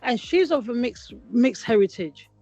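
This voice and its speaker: A woman, co-hosting a casual chat and telling stories with lively acted-out quotes. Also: a little high, normal speed, dry recording. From Britain. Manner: animated storytelling, acts out quotes. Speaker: podcast co-host. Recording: dull lo-fi sound with faint music.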